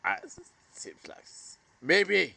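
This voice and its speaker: A man in a halting, emotional monologue to camera, often trailing off mid-sentence. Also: fairly high pitch, very animated, vocal fry, bright, forceful tone, no echo. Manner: halting, trailing off, addressing a lost brother. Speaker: vlogger.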